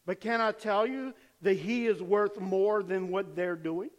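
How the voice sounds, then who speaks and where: Casting: older male pastor, high-pitched, animated sermon, church hall echo. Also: unhurried, highs cut off. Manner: animated preaching, acts out cheering fans.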